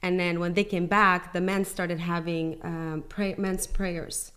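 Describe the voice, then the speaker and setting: A woman's voice: lowish voice, little pitch movement, measured pace, a bit bright. A young woman giving an emotional personal testimony as a podcast guest, talking casually with lots of "like" and acting out what people said. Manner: chatty, many "like" fillers, acts out quoted dialogue.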